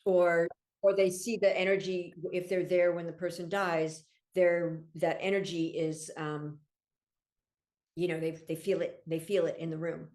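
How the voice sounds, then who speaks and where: A middle-aged woman, a podcast guest and coach, talking in an enthusiastic, gently explanatory way and laughing easily. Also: lowish voice, little pitch movement, a little slow. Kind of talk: casual interview chat.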